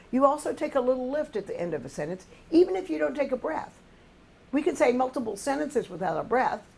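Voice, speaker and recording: A woman's voice: fairly high pitch, gravelly, a little mellow, breathy edge. An older woman, a choir music director, patiently explaining musical phrasing to a singing class and humming short examples.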